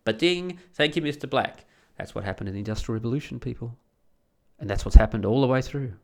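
A man's voice: mid-range voice, quick pace, gravelly. A man delivering a crude, combative monologue full of rhetorical questions. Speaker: commentator. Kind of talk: ranting monologue.

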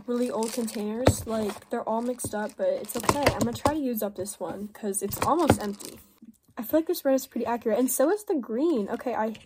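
Woman vlogger, chatty and rambling, slightly high voice, faint background noise. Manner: rambling, filler-heavy with lots of "like"; self-deprecating, chatty asides to viewers. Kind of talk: casual vlog chat while crafting.

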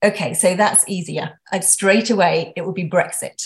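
A woman with a slightly low voice talks as a guest in a relaxed interview. She is chatty and self-deprecating, and she often stumbles and restarts her sentences as she thinks aloud. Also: moderate pace. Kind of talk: casual interview.

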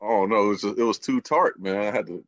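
A man's voice: on the low side, fast talker, fairly bright tone, no echo, muffled recording. A man hosting a casual beer podcast, talking in a laid-back, rambling way and often repeating words. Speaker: podcast host. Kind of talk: casual chat.

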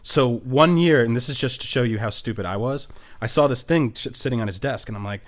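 A man's voice: medium pitch, fairly quick. A young man co-hosting a podcast, telling stories in casual chat, laughing often and acting out quotes. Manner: animated storyteller, laughs often, acts out quotes. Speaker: podcast co-host.

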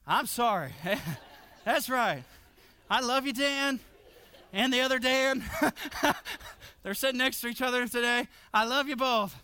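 A man's voice: high-pitched, sharp tone, clear, resonant tone, dry recording. A man preaching a sermon as pastor to his congregation, earnest, repeating key phrases with light laughs. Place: church with congregation.

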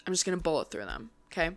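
A young woman vlogger chatting casually to her viewers, quick and upbeat, with lots of fillers. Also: fairly low pitch. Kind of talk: casual chat.

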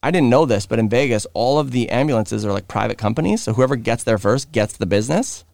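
A man's voice: medium pitch, lively intonation, fast, creaky, darkish tone, no room sound, clean studio sound. A Canadian man co-hosting a podcast, animatedly telling a story and acting out the people in it. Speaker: podcast co-host. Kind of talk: casual storytelling chat.

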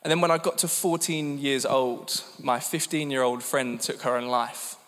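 Man, English, 30s, testimony talk, candid, conversational, mid-pitched, long hall reverb. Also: steady tone, normal speed, fairly bright tone. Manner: candid, self-deprecating, conversational. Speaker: church speaker giving testimony. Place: church hall.

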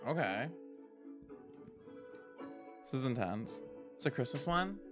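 A man casually reacting to new songs, excitable, swearing often and breaking into laughter. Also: mid-range voice, slow. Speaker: music reaction host. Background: faint music.

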